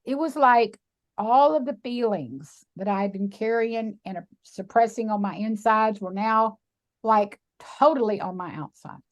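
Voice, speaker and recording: A middle-aged woman with a Texan drawl recounts a personal turning point in an interview. Her voice sits fairly high, and she speaks with emphatic, animated energy, slipping into the voices of the people she quotes. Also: measured pace. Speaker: guest, sanctuary founder. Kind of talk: emotional storytelling interview.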